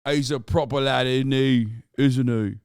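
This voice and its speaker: A man putting on a to play a brash, jokey young lad with loud, mocking banter. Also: medium pitch, steady tone, a little slow, clean tone, dry recording, studio quality, close to an everyday voice.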